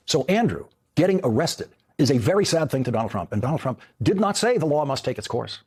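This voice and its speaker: A man's voice: mid-range voice, sing-song, fast talker, husky. A man hosting a television news program, delivering an emphatic, pointed monologue. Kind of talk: broadcast monologue.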